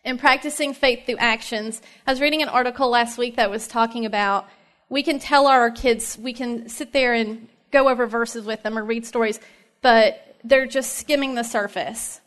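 Chatty high-voiced Tennessee woman. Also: steady tone, moderate pace, fairly bright tone. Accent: East Tennessee Southern. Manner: chatty and heartfelt, many fillers, laughs often. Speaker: speaker at a moms' ministry meeting. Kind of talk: personal faith talk to a group.

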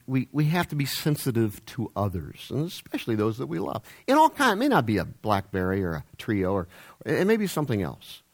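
A man preaching a humorous sermon in a church, rambling and jokey with self-deprecating asides. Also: lowish voice. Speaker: pastor. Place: church sanctuary.

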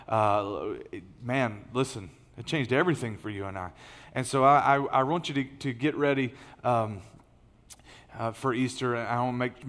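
A middle-aged man, preaching a conversational, folksy sermon as lead pastor, with many fillers and restarts. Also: mid-range voice. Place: large church auditorium. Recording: long reverb of a large hall.

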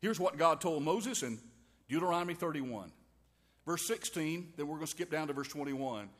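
A man's voice: a little high, expressive, moderate pace. A man preaching a sermon in a folksy, wry way, with homey quips and asides to his listeners. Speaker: pastor. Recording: long reverb of a large hall.

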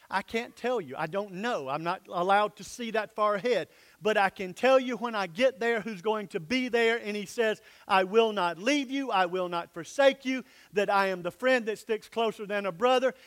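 A pastor preaching a sermon in a church, emphatic, sometimes dropping to soft, low asides. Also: male voice.

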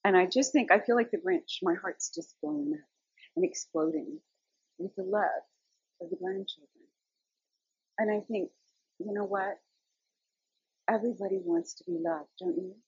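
A woman's voice: medium pitch, normal speed, gravelly, long pauses, a little mellow, husky, dry recording, lo-fi sound. An older woman, a grandmother, telling faith stories and teaching from the Bible in a rambling, chatty way full of fillers. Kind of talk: personal faith testimony.

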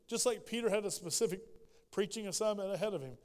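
A high, smooth male voice preaches in a church, switching into little acted voices for the prayers he quotes. His words ring out with a long hall reverb behind them. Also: fast talker, darkish tone. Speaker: pastor. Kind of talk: sermon. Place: church sanctuary.

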